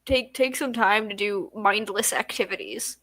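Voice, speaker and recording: A woman's voice: medium pitch, slow, fairly bright tone, no room sound. A tired young woman chatting casually on a late-night livestream at home, yawning and drowsy. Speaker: streamer.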